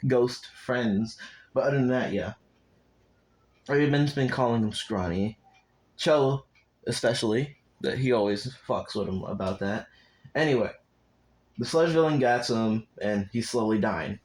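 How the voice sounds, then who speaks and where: A man's voice: medium pitch, measured pace, long pauses, darkish tone, rough recording. A young man casually improvising a fan story, rambling, cursing and breaking off to talk to his viewers. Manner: rambling and profane, with asides to viewers.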